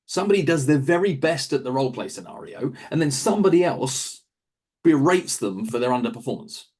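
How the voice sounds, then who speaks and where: A man, a real estate coach, answering interview questions in a lively coaching manner, briefly acting out quick asides. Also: mid-range voice, breathy edge. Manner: animated, acts out quick asides in other voices.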